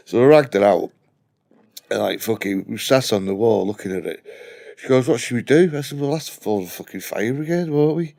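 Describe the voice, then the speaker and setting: A man's voice: medium pitch, expressive, brisk, vocal fry, mellow. Broad Scouse man telling a blunt story. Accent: Liverpool. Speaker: guest storyteller. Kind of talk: casual anecdote with swearing.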